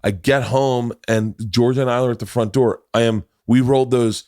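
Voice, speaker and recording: A middle-aged man hosting a podcast, telling stories in a quick, animated way and laughing as he goes. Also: mid-range voice, no room sound, clean studio sound. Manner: animated storyteller, fast and laughing. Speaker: podcast host. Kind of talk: casual storytelling chat.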